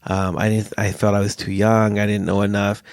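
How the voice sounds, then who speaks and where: In a studio-quality recording with no room sound, a father chats casually about his story. His voice sits on the low side and runs a little fast as he animatedly performs the voices of people he quotes.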